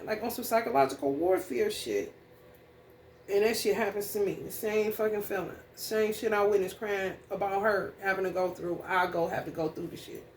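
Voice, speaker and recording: A woman giving a casual astrology reading that turns into a blunt, heated rant full of profanity. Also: medium pitch. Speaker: astrology reader. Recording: echoey room, distant mic, faint noise.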